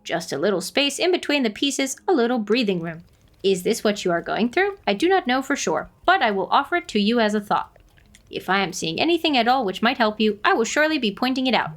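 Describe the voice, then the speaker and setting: A woman voicing a calm, wise forest dweller who speaks in a measured, formal way. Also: a little high. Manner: measured, formal, odd phrasing.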